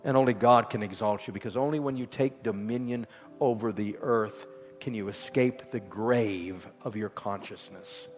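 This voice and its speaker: A man preaching a sermon with rhythmic repetition, swinging from loud exhortation to soft, low lines. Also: normal speed. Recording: long hall reverb with faint music.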